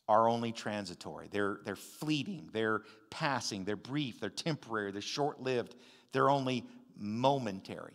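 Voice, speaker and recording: An older man with a drawl preaches at a measured, slow pace, leaning hard on key words and then dropping to quiet asides. His voice sits mid-range for a man. It rings out with the long reverb of a large church hall. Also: medium pitch. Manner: emphatic, swings between loud stresses and quiet asides. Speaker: pastor. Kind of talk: sermon.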